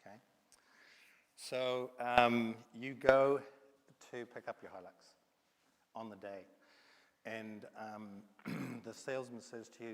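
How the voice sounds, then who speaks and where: A man's voice: medium pitch, fairly even intonation, takes it slowly, pauses often. A man with a New Zealand accent preaching a sermon, telling a story and acting out its dialogue, with many ums. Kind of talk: sermon with a told allegory. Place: church hall. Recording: long hall reverb from live stream.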